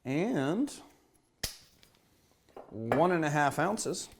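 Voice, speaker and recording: A man's voice: a little high, big pitch swings, very slow, noisy background. Chatty man demonstrating cocktails. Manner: chatty, self-deprecating, talks while mixing and shaking. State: slightly out of breath. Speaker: bartender and cocktail show host. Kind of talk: casual cocktail-making demonstration.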